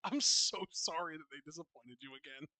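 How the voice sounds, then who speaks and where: A man co-hosting a live wrestling reaction stream, reacting quickly and excitably. His voice is bright and pressed, a little high for a man, and the recording is close and completely dry. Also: no room sound. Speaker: co-host of a wrestling reaction show. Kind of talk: casual live commentary chat.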